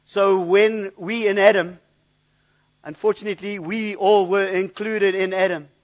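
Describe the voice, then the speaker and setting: High-voiced man preaching a sermon. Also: little pitch movement, measured pace. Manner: earnest, repeats words when searching for them. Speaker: pastor.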